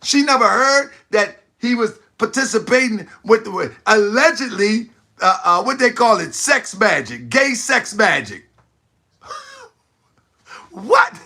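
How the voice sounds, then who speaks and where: High, gravelly livestream host, man. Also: lively intonation, a little slow, pushed and bright. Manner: exclaiming, laughing often, talking to viewers. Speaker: host of an online talk channel. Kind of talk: livestream commentary to a chat.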